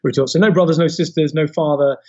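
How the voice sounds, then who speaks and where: Animated London man telling stories. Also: fairly high pitch, fast, lo-fi sound. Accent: London English. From England. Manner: animated storyteller, frequent fillers and restarts. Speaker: podcast guest. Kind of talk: casual interview chat.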